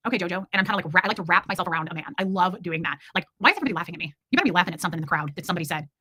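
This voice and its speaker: A woman's voice: fairly low pitch, rapid-fire, bright, forceful tone, slight background noise. A woman in her forties hosting a casual livestream, chatting candidly and jokily while reacting to viewer comments. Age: 40s. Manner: candid, rambling, jokey, reacts to chat. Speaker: livestream host.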